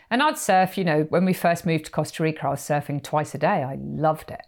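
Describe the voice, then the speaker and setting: A woman co-hosting a casual chat, telling a surf story and acting out the voices of the people in it. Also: sits low. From England. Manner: animated, acts out quoted lines. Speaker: podcast co-host.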